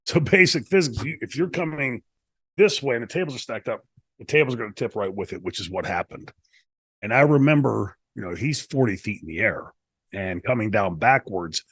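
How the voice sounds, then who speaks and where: Husky man telling rambling stories. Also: mid-range voice, fairly quick, no room sound. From United States. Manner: rambling, animated storyteller with many restarts. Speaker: interview guest, former wrestler. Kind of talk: casual shoot interview storytelling.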